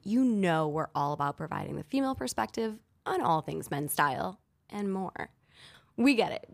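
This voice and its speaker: A woman's voice: fairly low pitch, gravelly. A woman hosting a podcast in a studio, chatting casually and upbeat, laughing often. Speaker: podcast host.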